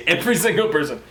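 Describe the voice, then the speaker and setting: A man playing a tabletop game, speaking deliberately and laughing often. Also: high-pitched, sharp tone, a little hiss or hum. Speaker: player. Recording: roomy echo.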